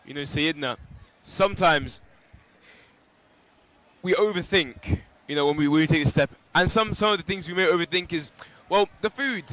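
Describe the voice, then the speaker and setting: A man with a somewhat high voice is a guest on a live outdoor broadcast. He tells personal stories reflectively, and his speech is full of small fillers. He is out in the open on a pilgrimage walk. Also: moderate pace, fairly bright tone. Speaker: interview guest.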